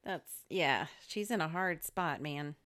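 A woman co-hosting a podcast, chatting casually about a movie with soft agreements and playful asides. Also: low-pitched, takes it slowly. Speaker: podcast co-host.

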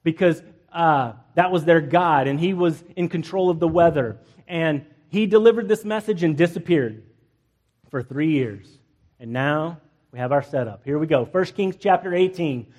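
A male pastor preaching a lively, conversational sermon, joking with the congregation and acting out the people in the story. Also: a little high, normal speed. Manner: acts out biblical characters in playful asides, jokes with the congregation.

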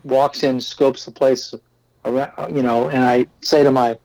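A man's voice: mid-range voice, a little slow, gravelly, dry recording, low-quality recording. A pastor from Austin, chatting casually and animatedly acting out the people in his stories. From Austin, Texas. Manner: animated storyteller who acts out quotes. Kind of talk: casual storytelling chat.

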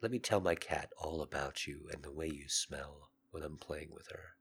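A man with a very deep, rough, husky voice, hoarse from being sick. He hosts his podcast as an intimate confessional monologue. His tone is earnest and seductive, with loud urgent pushes that fall away into soft murmurs. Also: steady tone, normal speed. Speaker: podcast host.

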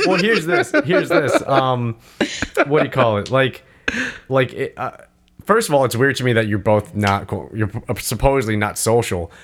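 A man's voice: mid-range voice, moderate pace, a bit bright. Young man telling rambling bar stories. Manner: rambling storyteller who acts out quoted voices. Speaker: podcast co-host. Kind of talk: casual podcast chat.

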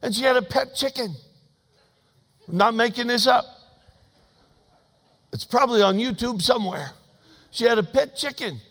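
A man preaching a sermon as pastor, folksy and humorous, swinging between emphatic loud passages and hushed asides. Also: extremely high pitch, animated, moderate pace, long pauses, big-room sound.

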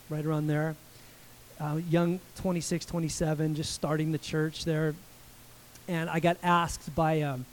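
A man in his forties, a pastor giving a sermon in a conversational, animated way, with asides to the congregation. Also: high-pitched, rough recording.

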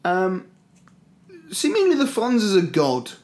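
A man's voice: high voice, wildly swooping pitch, measured pace, a little mellow. A man co-hosting a casual podcast, wry and joking. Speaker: podcast co-host. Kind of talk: casual chat.

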